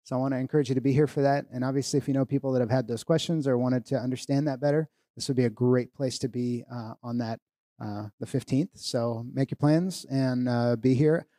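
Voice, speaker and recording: A male church leader giving announcements in a relaxed, informal way, with fillers and restarts. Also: mid-range voice, brisk, no echo, clean studio sound.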